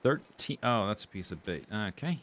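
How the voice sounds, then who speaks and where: A man's voice: fairly low pitch, lively intonation, normal speed, fairly bright tone, a little hiss or hum. A man streaming a survival game, chatting casually and rambling as he goes through his gear and plans. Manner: chatty, rambling, self-correcting. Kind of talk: casual gameplay commentary.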